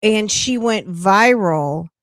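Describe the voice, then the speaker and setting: Woman, commentary host, casual gossipy news chat, unhurried, dry sound, sassy asides. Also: medium pitch, expressive, no echo. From New York. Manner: chatty, emphatic, sassy asides. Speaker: true-crime commentary host.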